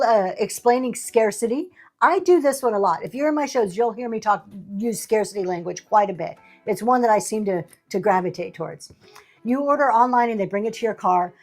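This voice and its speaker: Brief: sassy, chatty woman host, a bit high-pitched, with light music playing underneath. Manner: chatty, sassy, laughing asides. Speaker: livestream seller host. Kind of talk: casual chat.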